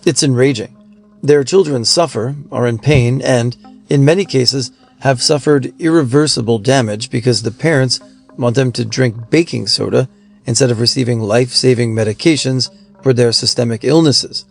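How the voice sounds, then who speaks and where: A man reading out forum stories in an even, steady scripted narration. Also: medium pitch, moderate pace, gravelly, soft background music.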